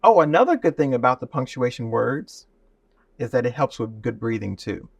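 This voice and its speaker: A man's voice: mid-range voice, very animated, normal speed, creaky, husky, no room sound, recorded from a distance, lo-fi sound. A man teaching speaking and singing in a guest conversation, illustrating points with sung and spoken examples. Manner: demonstrative, shifts into singing to illustrate.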